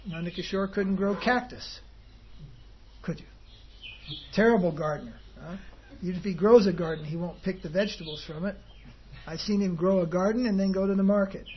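A man's voice: high voice, a little fast, long pauses, slight background noise. A man giving an informal devotional talk to a group, rambling and conversational with chuckling asides. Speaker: spiritual teacher. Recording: dull lo-fi recording with faint ambience.

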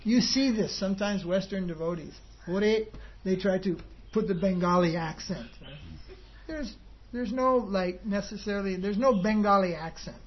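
With a breathy edge to his high-sitting voice, a man talks at a moderate pace. The spiritual teacher offers a conversational, rambling devotional talk to a group, chuckling in asides, on a dull lo-fi recording with faint ambience.

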